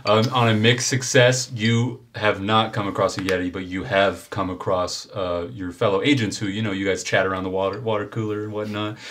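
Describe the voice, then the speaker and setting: Deep-voiced man running a tabletop game. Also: steady tone, a bit bright. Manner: unhurried, thinking aloud with fillers. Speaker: game master.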